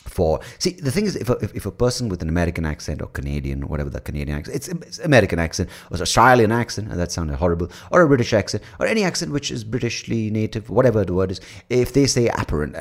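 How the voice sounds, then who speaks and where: A man's voice: deep voice, expressive, fast, few pauses. A man with an Indian accent hosting a podcast, rambling, crude, and self-mocking in a comic monologue. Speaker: podcast host.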